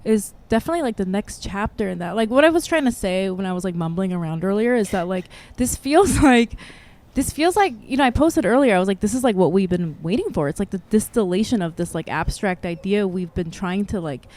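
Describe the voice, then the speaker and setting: A woman hosts a podcast interview in a casual, chatty way, full of fillers and restarts. She encourages her guests, and her voice sits at a medium pitch. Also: animated, a little fast, hardly any pauses. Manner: casual, uses many fillers, warmly encouraging. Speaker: podcast host.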